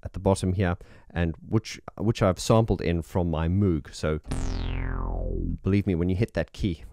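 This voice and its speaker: A keyboard player with a deep, early morning voice walks through his setup over music, speaking at a moderate pace with fairly even intonation. It's a casual demo, enthusiastic and rambling, full of fillers.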